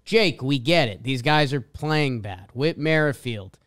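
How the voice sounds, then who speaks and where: Reading stat lines with emphatic swings, this Boston-accented co-host of a casual sports podcast has a mid-range, somewhat bright voice. He sounds expressive and unhurried.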